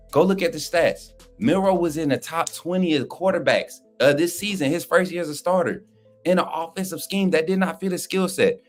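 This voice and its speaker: A man co-hosting a livestream, talking sports in a fired-up, slangy, trash-talking way while reading chat. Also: on the high side. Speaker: livestream co-host. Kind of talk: casual fired-up sports talk.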